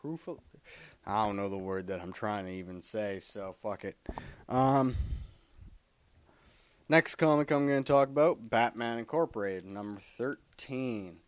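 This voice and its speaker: A man's voice: on the low side, measured pace, pauses often, clear, resonant tone, no echo. A man reviewing comic books in a casual, rambling way, swearing constantly and filling gaps with fillers. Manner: profane, rambling, full of fillers. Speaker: comic book vlogger.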